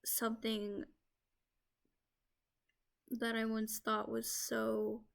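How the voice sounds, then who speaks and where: A woman's voice: fairly high pitch, monotone, very slow, creaky. A young American woman talking in a casual, rambling vlog on her laptop microphone, full of "like" fillers. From United States. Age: young adult. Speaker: vlogger. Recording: lo-fi laptop recording.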